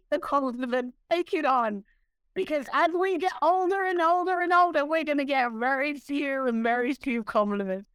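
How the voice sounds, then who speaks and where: A woman in her sixties, a guest telling stories in a casual interview, animated and laughing, acting out what others said. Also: sits high, clear, resonant tone, no echo. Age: 60s. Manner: animated, laughing, acts out quoted voices.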